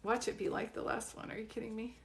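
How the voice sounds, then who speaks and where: A woman working as a psychic medium, talking casually and warmly to viewers on a phone live stream, chatty and giggly as she gives readings. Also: fairly high pitch, little pitch movement, fast, vocal fry, a little hiss or hum.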